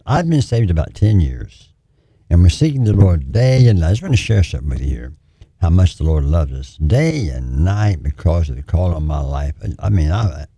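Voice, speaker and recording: Gravelly, deep-voiced preacher man. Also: mellow, no room sound. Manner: earnest, pleading, repetitive emphasis. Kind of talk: call-in ministry sermon.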